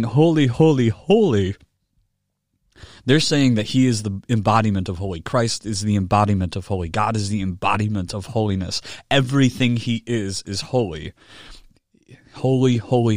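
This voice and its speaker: Male pastor, low-pitched, dry close sound, conversational sermon delivery with tag questions. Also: dry recording. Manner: rises in pitch and volume when reading a quoted book aloud. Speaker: pastor teaching a Bible study.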